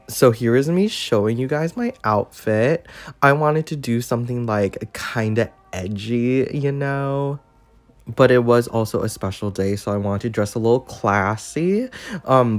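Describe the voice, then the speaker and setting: A man's voice: mid-range voice, moderate pace, soft background music. A young man in his twenties chatting casually for his vlog, bubbly and gushing, with lots of filler words. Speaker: YouTuber.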